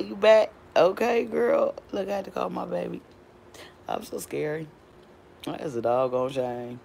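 A woman's voice: lowish voice, a little slow, vocal fry. Chatty middle-aged woman live streaming. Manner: animated, chatty, calls out to viewers. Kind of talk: casual live stream chat. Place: home doorway.

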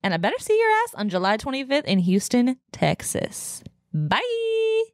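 A woman's voice: on the high side, wildly swooping pitch, fast talker, dry recording, clean studio sound. A woman podcast host in a casual solo rant, venting in a profane, fired-up way from her home podcast room.

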